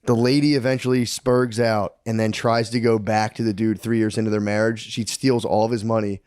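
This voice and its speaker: A man co-hosting a podcast, retelling a book in a rambling, animated way, full of "dude" and "like". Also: lowish voice, brisk, no room sound, clean studio sound. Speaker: podcast co-host. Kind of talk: casual chat, retelling a book.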